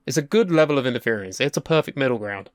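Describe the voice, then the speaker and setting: A man's voice: medium pitch, expressive, racing, no echo, clean studio sound. A young man co-hosting a podcast in casual, sweary and wry chat about wrestling, sharing strong opinions. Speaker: podcast co-host.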